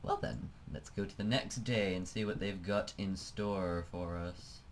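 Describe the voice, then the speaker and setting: A man's voice: low-pitched, measured pace, a little hiss or hum. A man giving casual, chatty commentary over a flight-sim game, thinking aloud and trailing off as he clicks through menus. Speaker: let's play host.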